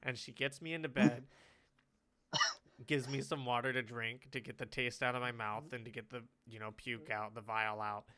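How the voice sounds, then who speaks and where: A man's voice: mid-range voice, fairly even intonation, normal speed, pushed and bright, slight background noise. A young man telling a story in casual chat, rambling with lots of fillers and laughing often.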